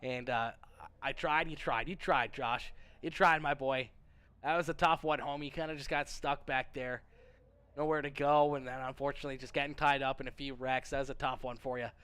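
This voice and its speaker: A man's voice: medium pitch, fairly even intonation, moderate pace, a bit bright, clear, resonant tone. A man livestreaming and chatting casually with his viewers. He rambles, jokes and repeats himself, and says he is not feeling well. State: feeling unwell. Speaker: livestreamer reading chat.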